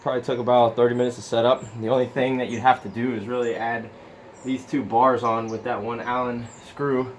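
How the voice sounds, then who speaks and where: A man's voice: medium pitch, little pitch movement, brisk, a little hiss or hum. A man, out of breath, casually showing his home cycling trainer setup in a rambling, easygoing way with lots of ums. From Florida, US. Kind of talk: casual product demo. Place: home room with carpet, overhead fan. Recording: echoey room, voice from off-mic.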